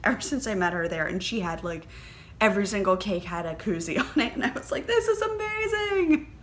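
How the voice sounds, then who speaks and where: A woman hosting a knitting podcast, chatting casually and gushing excitedly, with plenty of fillers and little gasps. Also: on the low side, a little hiss or hum. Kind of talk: casual chat.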